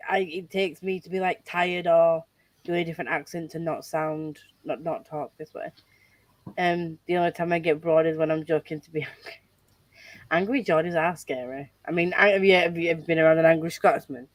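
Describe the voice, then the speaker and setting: A woman's voice: fairly low pitch, dry recording. A woman with a Northern English accent, chatting casually with friends on a voice call, full of fillers and trailing off mid-thought. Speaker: channel host. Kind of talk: casual chat on a group call.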